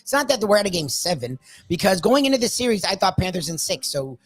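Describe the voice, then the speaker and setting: A man's voice: sits high, sing-song, fast talker, slightly rough, no room sound. A man co-hosting a casual sports talk show, speaking bluntly and emphatically with frequent swearing.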